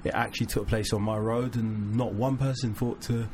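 A man's voice: lowish voice, steady tone, normal speed. A man hosting a casual interview, friendly, enthusiastic and jokey. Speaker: podcast host. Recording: noisy background.

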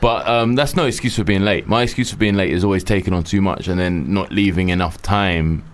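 A man with a very deep, low voice chats casually with a co-host. He tells his stories in a wry, dry and offhand way, dropping swear words as he goes. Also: a little fast. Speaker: podcast co-host. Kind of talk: casual chat.

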